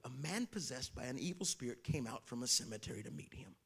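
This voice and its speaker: Man, preacher, gravelly voice, high pitch, bright forceful tone, shouts then whispers. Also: expressive, fast talker, few pauses. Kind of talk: sermon.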